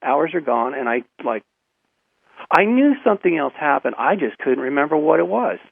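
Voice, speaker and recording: A man guest telling a personal story in a radio interview, halting and repeating his words, with frequent chuckles, over a phone line. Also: fairly high pitch, sing-song, creaky, breathy edge, no echo.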